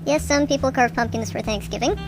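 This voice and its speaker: Chatty, joking female radio-comedy host; high-ish voice. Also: a little fast, music in the background, low-quality recording. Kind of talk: improvised radio comedy hosting.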